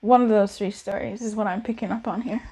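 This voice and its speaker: A woman's voice: medium pitch, steady tone, fast talker, warm tone, husky. A woman giving a casual tarot reading in a chatty, giggly, playful way. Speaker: tarot reader.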